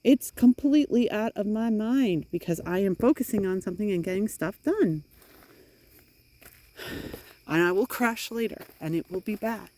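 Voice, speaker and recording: A middle-aged woman walks outdoors in the rain, vlogging into her phone in a frustrated, emphatic monologue. Her medium-pitched voice has a dark tone and moves at normal speed.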